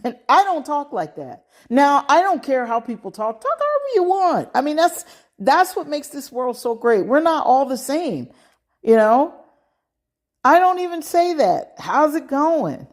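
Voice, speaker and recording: A woman's voice: high-pitched, very animated, unhurried. Middle-aged American woman host, casual advice monologue, emphatic delivery with "okay" asides. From United States. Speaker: podcast host.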